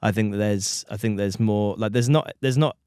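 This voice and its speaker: A man's voice: on the low side, normal speed, a little mellow, smooth, no echo, clean studio sound. A man co-hosting a podcast in casual chat, wry and opinionated. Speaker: podcast co-host.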